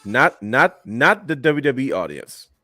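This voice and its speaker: A young man co-hosting a casual wrestling podcast, animated and emphatic, often repeating words as he drives a point home. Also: medium pitch, unhurried, no room sound, clean studio sound. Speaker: podcast co-host.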